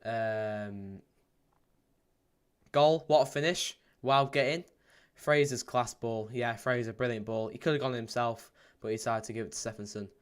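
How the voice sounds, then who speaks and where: A man hosting a live football watchalong stream. He chats casually, reads out viewer comments with plenty of ums, and breaks into excited play-by-play. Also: mid-range voice, moderate pace, clean tone. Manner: bursts into excited play-by-play at goals. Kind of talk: live match watchalong chat.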